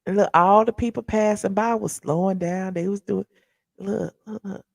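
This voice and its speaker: A woman with a mid-range, gravelly voice hosts a pop culture commentary channel, chatting loosely and reacting to viewers and a video as she goes. Her intonation is fairly even and her speed normal. The recording is dry and studio quality.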